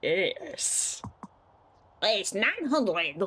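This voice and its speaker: A woman's voice: mid-range voice, big pitch swings, drawn-out words, background noise. A woman streaming a game, chatting casually, teasing and laughing often. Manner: giggly, playful, teasing. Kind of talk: casual gameplay commentary.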